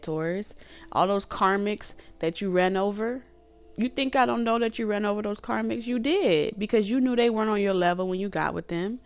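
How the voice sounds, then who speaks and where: Animated, laughing woman tarot reader. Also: mid-range voice, smooth. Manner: animated, laughs often, acts out quoted voices; colloquial, chatty. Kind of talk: casual tarot reading.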